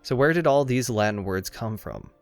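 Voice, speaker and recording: A man's voice: medium pitch, expressive, moderate pace, no room sound. A man giving scripted comedic narration for a video essay, irreverent and sarcastic, swearing freely. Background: faint background music.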